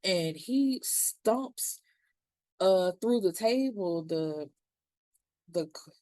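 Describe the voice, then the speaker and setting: A woman recaps a TV episode in a relaxed, slangy way and acts out the characters' lines as she goes. Her voice sits fairly low and sounds warm and mellow. The recording is dry and close, with no room sound. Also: very slow, dry recording. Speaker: TV series reviewer.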